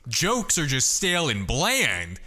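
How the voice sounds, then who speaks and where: A man's voice: fairly high pitch, huge pitch swings, takes it slowly, bright, forceful tone. A young man talking casually as a podcast guest, brash, boastful and full of swearing. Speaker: podcast guest, content creator.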